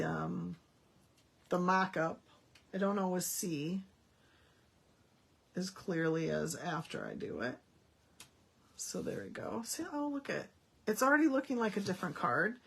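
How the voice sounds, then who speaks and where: Woman chatting thru a card-making demo, low gravelly husky voice, folksy and easygoing. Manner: chatty, folksy, thinking aloud. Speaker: Stampin' Up demonstrator.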